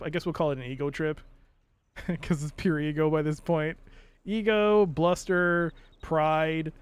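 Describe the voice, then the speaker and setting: A male streamer talks his way through a puzzle game in a slightly higher voice. He rambles, mocks himself and thinks aloud as he chats with his viewers. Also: darkish tone, smooth. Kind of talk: casual live-stream commentary.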